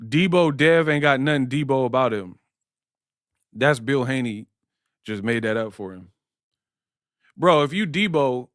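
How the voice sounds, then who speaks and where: A man's voice: mid-range voice, animated, measured pace, pauses often, fairly bright tone, no echo, studio quality. A man hosting a live-stream sports talk show. He speaks in slang, jokes, and keeps breaking into impressions. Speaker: host.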